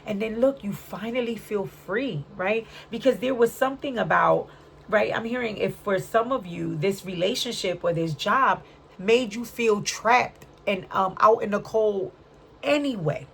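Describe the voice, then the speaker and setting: A woman's voice: mid-range voice, measured pace, vocal fry, fairly bright tone, a little hiss or hum. A woman giving a casual spiritual card reading, chatty and full of slang, often checking in with "right?". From Puerto Rican, raised in Brooklyn. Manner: chatty, frequent "right?" tag questions; streetwise slang. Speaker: tarot reader.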